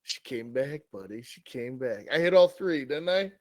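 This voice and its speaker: A man's voice: medium pitch, expressive, normal speed, darkish tone, no room sound. A man co-hosting a comedy podcast, improvising a crude story with plenty of swearing. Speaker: co-host.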